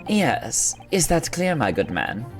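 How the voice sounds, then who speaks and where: A man's voice: mid-range voice, huge pitch swings, slow, faint music behind. A man voicing a prim, condescending upper-class lady for a game. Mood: haughty. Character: haughty upper-class lady, company owner's wife.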